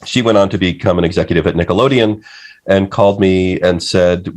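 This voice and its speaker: A man telling a story as a podcast guest, halting, with many uh's and restarts. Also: low-pitched, fairly even intonation. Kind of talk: casual podcast chat.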